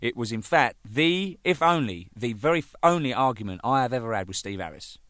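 Older man, casual storytelling, animated pitch, crisp bright tone. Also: a little fast, no echo, clean studio sound. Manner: swearing, laughing, acting out shouted quotes. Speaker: band drummer telling stories.

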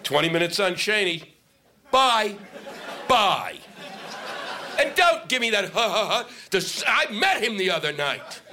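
A man's voice: high voice, big pitch swings, unhurried, pauses often, sharp tone, some chatter behind. Ranting, profane male stand-up comic. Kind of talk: stand-up comedy set. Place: comedy stage before a live audience.

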